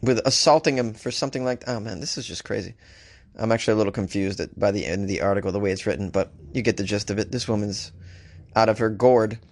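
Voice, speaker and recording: A man hosting a solo comedy podcast, joking his way through odd news stories with lively asides. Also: lowish voice, fast, no room sound. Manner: animated, joking, reads news aloud with asides. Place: home studio, Los Angeles.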